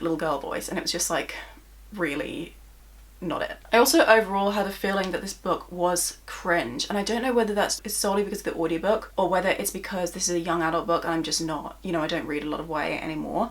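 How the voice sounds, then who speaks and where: A woman's voice: on the low side, fast. A young British woman in a casual book vlog, chatting through her monthly reads with plenty of fillers. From United Kingdom. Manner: chatty, many "like" fillers, gushing. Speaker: book vlogger. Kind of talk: casual monthly reading wrap-up.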